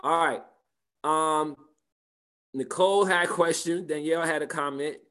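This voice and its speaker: A man's voice: a little high, fairly even intonation, a little slow, pushed and bright. A man teaching a spiritual class and answering participants' questions, talking conversationally, repeating phrases and asking "right?".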